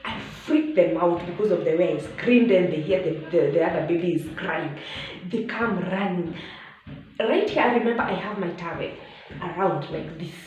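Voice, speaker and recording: A woman's voice: on the low side, normal speed, muffled recording. Kenyan woman telling a story in an echoey room. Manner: animated retelling, acting out shouts and dropping to hushed asides, mixing in Swahili. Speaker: vlogger. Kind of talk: storytelling vlog. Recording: very echoey room, faint background noise.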